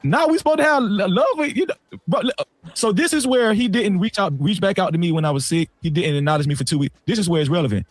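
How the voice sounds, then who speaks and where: A man hosting a livestream, telling a story in casual, slangy talk that swings between low asides and loud outbursts. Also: fast talker, no room sound. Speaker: livestream host.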